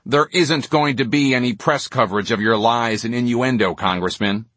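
A man's voice: mid-range voice, moderate pace, fairly bright tone, no room sound, natural voice. A man playing a nasal, menacing political fixer.

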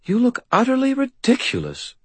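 Man doing a fairy godmother, haughty, ageless, arch and fussy, lifted high, audiobook. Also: huge pitch swings, moderate pace, a bit bright, slightly rough, no echo, full character voice. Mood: imperious. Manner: arch, grandly fussy and commanding. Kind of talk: audiobook character voice.

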